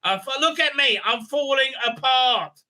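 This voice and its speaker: A man's voice: very high-pitched, expressive, measured pace, pushed and bright, voice pushed up, heavily acted. A man voicing an exhausted, exasperated old king who curses and pleads that he is falling apart. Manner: whiny, cursing, pleading.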